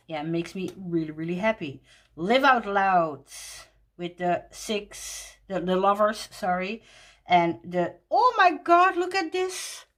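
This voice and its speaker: A woman walking through a tarot deck in casual talk, gushing and excited, laughing often. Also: medium pitch.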